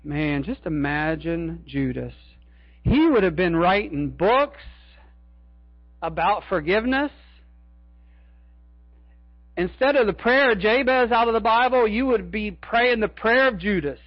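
A male pastor preaching a sermon in a church, dramatic, swinging between loud cries and hushed asides. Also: sits high, lively intonation, unhurried, pauses often, no echo, lo-fi sound.

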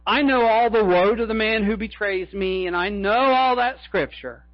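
A male pastor preaching a sermon in a church, dramatic, swinging between loud cries and hushed asides. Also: high-pitched, normal speed, no echo, lo-fi sound.

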